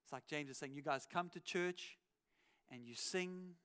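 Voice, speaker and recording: Guy preaching in church on a cheek mic, highish voice, chatty, acts out the quotes. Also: unhurried, pushed and bright, slight background noise. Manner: conversational preaching, acts out quotes, wry asides. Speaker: pastor. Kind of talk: sermon. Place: church auditorium. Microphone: cheek headset microphone.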